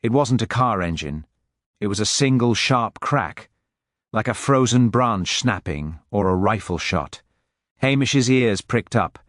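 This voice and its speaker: A man reading a mystery story aloud in steady, scripted narration. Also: fairly low pitch, unhurried, no room sound, studio quality.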